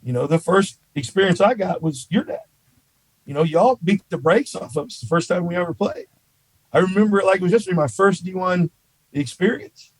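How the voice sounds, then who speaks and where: A man who is a college baseball head coach, a podcast guest telling stories in a casual, animated way and filling his talk with "you know.". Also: sits high, fairly quick, slightly rough, no echo, low-quality recording. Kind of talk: casual storytelling in an interview.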